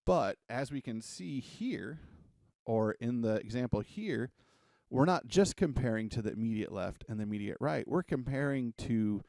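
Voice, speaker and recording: A man's voice: medium pitch, animated, normal speed, vocal fry, warm tone, no room sound, clean studio sound. A man giving a casual, joking coding lesson at a whiteboard, rambling into self-deprecating asides and sounding a little out of breath. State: a bit out of breath. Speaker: coding tutor.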